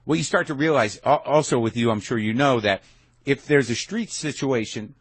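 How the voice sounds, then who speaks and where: A man's voice: medium pitch, moderate pace, breathy edge, no echo. A man hosting a podcast, chatting casually and joking with his guest. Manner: conversational, jokey, interjects often. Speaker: podcast host. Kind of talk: casual conversation.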